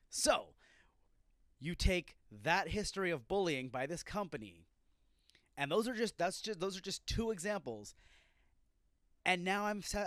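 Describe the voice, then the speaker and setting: Profane ranting man, fairly high voice. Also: fairly bright tone, no echo, studio quality. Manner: profane, ranting, irritated outbursts. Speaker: podcast host. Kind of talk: solo wrestling review podcast.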